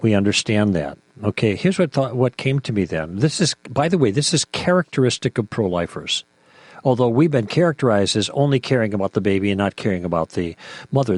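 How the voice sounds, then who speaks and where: A man's voice: on the low side, no room sound. Impassioned man hosting an apologetics show. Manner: impassioned, emphatic, full of rhetorical questions. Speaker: podcast host. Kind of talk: apologetics radio discussion.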